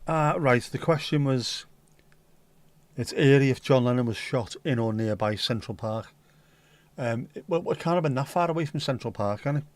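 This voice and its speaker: At a medium pitch and moderate pace, with no echo, a livestream host chats casually with his viewers. He reads their comments aloud in dry, rambling, joking banter and sometimes drops into silly voices.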